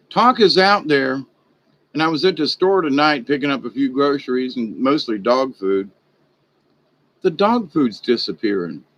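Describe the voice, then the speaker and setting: In a poor-quality recording, a male vlogger with a mid-range voice rambles through a casual monologue. He's folksy and chatty, getting animated whenever he retells an exchange.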